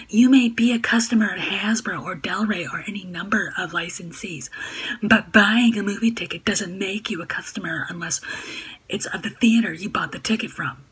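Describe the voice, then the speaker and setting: A woman's voice: mid-range voice, a bit bright, husky, low-quality recording. A woman putting on a snarky, preachy voice for a scolding woman, sneering and lecturing as she reads aloud.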